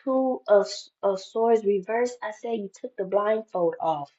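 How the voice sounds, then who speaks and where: A woman's voice: medium pitch, unhurried, mellow, lo-fi sound. A woman giving an intuitive tarot reading, talking in an emphatic, spiritual way and often repeating phrases. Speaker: tarot reader.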